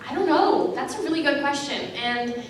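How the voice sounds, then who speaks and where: Bubbly young woman in an echoey hall. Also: sits high. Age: young adult. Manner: bubbly, chatty, quick anecdotes. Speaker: actress, panel guest. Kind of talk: convention panel storytelling. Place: large convention hall. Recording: echoey hall, distant mic, background noise.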